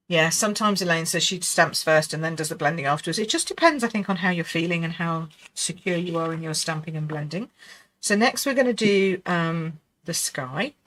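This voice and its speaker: A middle-aged woman leads a live card-making lesson with a bright, clear voice. She chats warmly to her viewers, reassures beginners and laughs often, muttering to herself mid-task. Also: fairly low pitch, expressive, moderate pace, a little hiss or hum. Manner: chatty, reassuring, laughs often, talks to herself while working. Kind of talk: live crafting demonstration.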